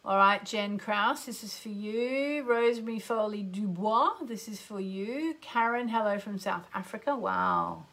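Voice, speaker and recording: A woman's voice: moderate pace, hardly any pauses, fairly bright tone. A woman hosting a live astrology and card-reading radio show, chatty and gushing, greeting listeners by name and breaking into exclamations. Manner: exclamatory, with sudden upward leaps in pitch. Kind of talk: live radio call-in chat.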